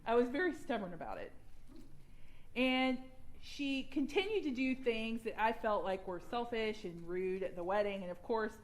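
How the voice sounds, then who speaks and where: Candid woman, slightly high voice. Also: animated, moderate pace. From Georgia, US. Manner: candid, conversational, laughs at herself. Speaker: workshop speaker sharing her story. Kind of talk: personal recovery share.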